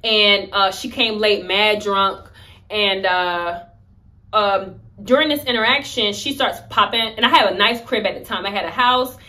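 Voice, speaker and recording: A young woman chats through a storytime vlog in a bright, forceful voice. She talks in slang and acts out the lines she quotes with lively energy. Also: medium pitch, measured pace. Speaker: vlogger telling a story. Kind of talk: casual storytime chat.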